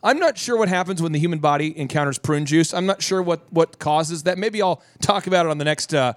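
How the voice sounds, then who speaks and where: A fast-talking man with a fairly high voice hosts a talk radio show and tells a rambling, animated story full of sound effects. His voice sounds dry and close, with almost no room around it. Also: no echo.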